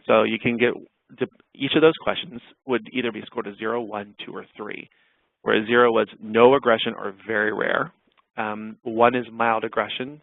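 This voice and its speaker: Over dry, tinny webinar audio that sounds phone-like, a male clinical researcher talks through his slides. He's casual, stumbling into fillers and restarts, and his voice is on the low side and gravelly.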